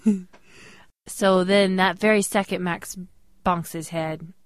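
A young woman, a mother, co-hosting a casual podcast and telling a story with lively voice changes. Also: takes it slowly, clear, resonant tone, dry recording, studio quality. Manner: animated storyteller, jumps into high voices when quoting people. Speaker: podcast co-host. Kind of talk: casual chat.

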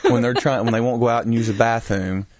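A man's voice: medium pitch, steady tone, fast. A man co-hosting a casual podcast, telling rambling joking stories. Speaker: podcast co-host. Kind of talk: casual chat.

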